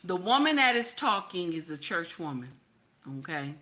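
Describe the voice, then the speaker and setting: A woman hosting casual reaction commentary, animated and brash with preachy asides. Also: fairly low pitch, moderate pace. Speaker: commentary host.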